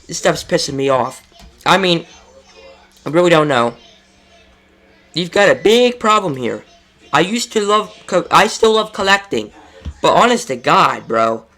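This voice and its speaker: Male vlogger, fairly high, bright edgy voice, exasperated ranting delivery. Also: very animated, a little slow, long pauses. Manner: frustrated, exasperated, profane. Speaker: collectibles YouTuber. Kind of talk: casual ranting commentary.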